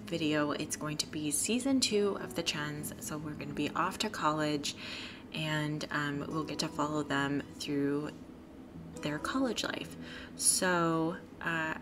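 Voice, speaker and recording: Chatty woman narrating a game. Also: sits low. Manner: chatty, lots of fillers, sympathetic. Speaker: let's play host. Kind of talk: casual gameplay commentary. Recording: steady background noise.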